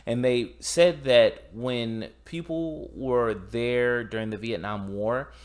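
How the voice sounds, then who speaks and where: A man co-hosting a casual podcast, recapping a film in an animated, profane way. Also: lowish voice. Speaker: podcast co-host.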